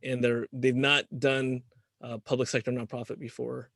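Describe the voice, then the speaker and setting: A man's voice: medium pitch, level tone, normal speed, vocal fry, fairly bright tone, no room sound, studio quality. A man moderating a webinar interview, asking long questions with hesitations and restarts.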